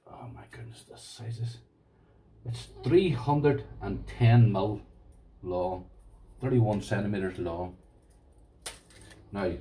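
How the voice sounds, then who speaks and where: It's a lockpicking vlog: an Irish man with a low-pitched, dark voice chats casually and excitedly while unboxing, gushing and repeating himself to viewers. The mic is far away.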